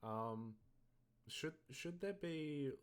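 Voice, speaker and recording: A man playing a tabletop game, talking slowly and hesitantly with many fillers. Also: fairly high pitch, smooth. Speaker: player.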